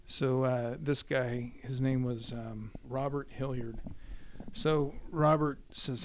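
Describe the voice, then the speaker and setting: A man's voice: medium pitch, takes it slowly, slight background noise. A man casually retelling his father's war stories, acting out the dialogue with animation. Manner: animated, acts out quoted dialogue. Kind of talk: casual storytelling.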